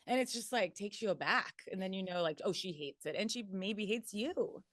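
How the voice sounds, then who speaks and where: A woman in her forties, a guest in a casual chat, telling stories in an animated way, swearing and laughing often. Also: medium pitch, normal speed, no echo, studio quality.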